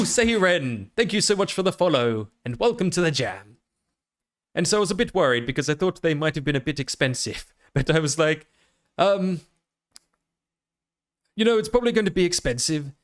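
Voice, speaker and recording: A man's voice: a little high, lively intonation, moderate pace. Rambling Australian man streaming. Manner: rambling, self-amused, with frequent fillers and laughs. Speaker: VTuber streamer. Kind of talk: casual live-stream chat.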